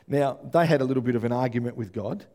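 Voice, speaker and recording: An Australian man preaching a sermon as pastor, telling stories with lively energy and often checking in with the congregation. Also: medium pitch, fairly quick. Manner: animated storytelling with frequent "yeah?" check-ins to the congregation.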